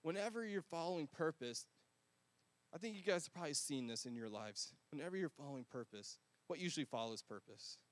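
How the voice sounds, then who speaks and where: Relaxed, slangy preacher with a high-pitched male voice, dry recording. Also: a little fast, no room sound. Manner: casual, conversational, slangy. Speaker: pastor. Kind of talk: sermon.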